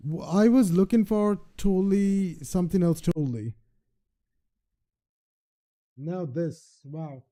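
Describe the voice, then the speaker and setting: A man's voice: high voice, slow pace, pauses often, mellow. A streamer talking casually to himself while he tests his audio, muttering, repeating himself and swearing offhandedly. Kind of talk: casual talk to self while testing audio.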